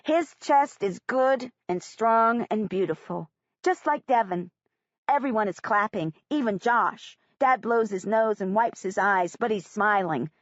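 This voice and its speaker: A woman narrates a first-person audiobook in a plain, earnest storytelling voice. The recording is close and dry with little room sound. Its tone is a touch dull in the highs. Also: expressive, measured pace, dry recording.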